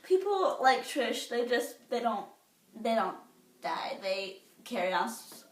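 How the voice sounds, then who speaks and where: A woman's voice: fairly high pitch, very animated, slow pace. A teenage girl chatting casually to the camera, bubbly and rambling with lots of fillers and restarts. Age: teens. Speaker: vlogger. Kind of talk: casual chat. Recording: echoey room, somewhat far from the mic.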